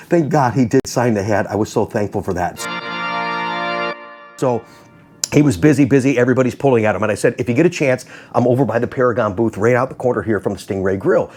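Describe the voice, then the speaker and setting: A man hosting a car channel, telling a story to his viewers in a casual, animated way, acting out quotes and laughing often. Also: mid-range voice, brisk, husky, faint music behind. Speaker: host of a car video channel.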